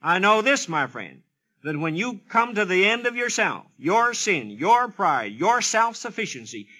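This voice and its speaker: Radio preacher, male, high and bright, dramatic and emphatic delivery. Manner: dramatic, acts out biblical dialogue; emphatic, repetitive questioning. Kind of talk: radio sermon.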